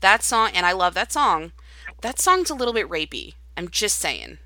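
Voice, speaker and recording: Radio co-host, female, outspoken interjector, bright and dry. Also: mid-range voice, sing-song, normal speed, dry recording, rough recording. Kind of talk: casual radio talk.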